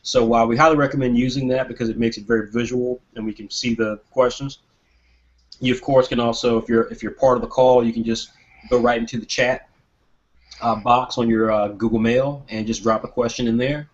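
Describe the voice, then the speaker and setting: Man, host of an online Q&A, video call, mid-pitched voice, rambling with fillers, dull lo-fi sound. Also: fairly even intonation, a little fast. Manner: friendly, rambling announcements with fillers. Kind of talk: hosting a live online Q&A.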